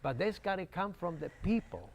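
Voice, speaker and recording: An older local TV host, with a high-pitched, sing-song voice at a moderate pace, chats through a casual interview. He's folksy and jokey, recording in a local cable TV studio.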